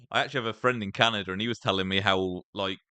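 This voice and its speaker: A man's voice: lowish voice, steady tone, fast, bright, forceful tone, clean tone, no echo. A young man with an English accent chatting casually while streaming gameplay, laughing often and saying "mate" and "like" a lot. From England. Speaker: gaming streamer.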